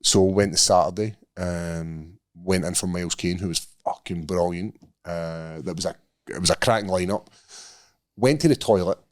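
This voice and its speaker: A Scottish man co-hosting a podcast, telling stories in an animated, swearing way. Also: low-pitched, normal speed. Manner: animated storyteller, swears freely. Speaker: podcast co-host. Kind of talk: casual chat.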